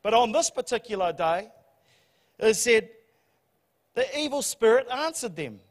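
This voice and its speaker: A man preaching a sermon, telling the story in a humorous, animated way. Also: very high-pitched, a little slow. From New Zealand. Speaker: pastor. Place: church hall. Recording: church hall reverb.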